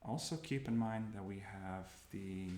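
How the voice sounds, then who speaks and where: Keyboard typing and mouse clicks sit under this roomy, noticeably noisy screencast, where a man demos his coding workflow in casual commentary. His fairly low, darkish voice keeps a measured pace as he thinks aloud, pausing often to correct himself.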